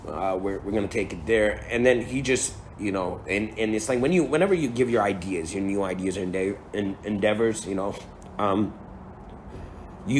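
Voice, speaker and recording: A man's voice: fairly low pitch, a little hiss or hum. A man giving a casual, storytelling spiritual lecture, full of slang, swearing and chuckles. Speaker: spiritual speaker.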